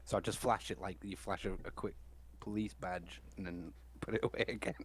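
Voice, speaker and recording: A man's voice: sits low, fairly even intonation, brisk, breathy edge. A man playing a tabletop game who floats ideas offhandedly and then drops them. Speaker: player.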